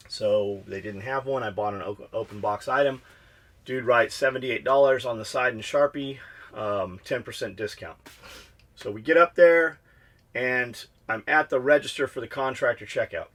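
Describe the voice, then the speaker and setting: Profane, animated male podcast storyteller. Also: mid-range voice. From United States. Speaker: podcast co-host. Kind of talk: casual storytelling chat.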